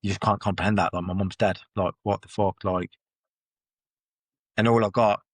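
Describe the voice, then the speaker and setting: A man recounts his past as a podcast guest, talking bluntly and swearing as the words tumble out in loose run-on phrases. His voice sits fairly low. The studio sound is dry and close, with hardly any room echo. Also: steady tone, moderate pace. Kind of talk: candid personal storytelling in conversation.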